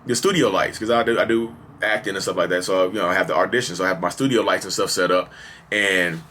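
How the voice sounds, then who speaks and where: A man in his thirties delivers a candid confessional monologue in a low, punchy, bright voice. He talks quickly and rambles, leaning hard on "like" and "you know". When he acts out heated exchanges, his voice flares up. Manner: rambling and animated, with many "like" and "you know" fillers; acts out quoted exchanges in raised, heated bursts. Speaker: vlogger and host of the channel.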